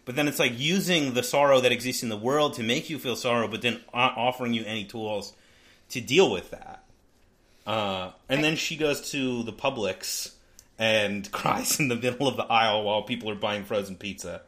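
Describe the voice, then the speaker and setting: A man's voice: medium pitch, normal speed, fairly bright tone. A man in casual conversation, retelling scenes from a book with frequent fillers and small laughs.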